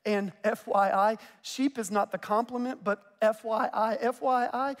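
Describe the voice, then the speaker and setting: A man in his forties with a Southern US accent, preaching a conversational sermon with quick joking asides. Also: sits high, steady tone. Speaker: pastor. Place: church sanctuary. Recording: long reverb of a church hall.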